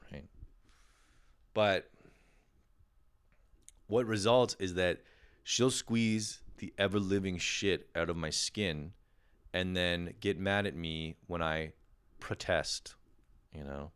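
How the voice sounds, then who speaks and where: A man's voice: sits low, a bit bright, clean tone. A man hosting a podcast, delivering a rambling, profane comic monologue full of "you know" and "right.". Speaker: podcast host.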